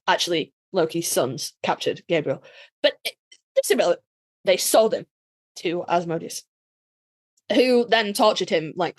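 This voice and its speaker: A woman talks as a podcast co-host in loose, casual chat. Her voice sits at a middle pitch. She is playfully opinionated and peppers her talk with swearing. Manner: chatty, profane, playfully opinionated.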